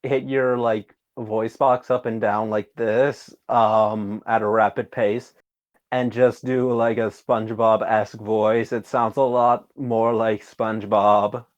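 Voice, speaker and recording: A young man hosting a casual podcast, goofy and quick to laugh, putting on an exaggerated persona voice. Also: fairly low pitch, level tone, highs cut off. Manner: giggly, goofy, breaks into laughter often; adopts a deliberately exaggerated persona voice. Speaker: podcast host.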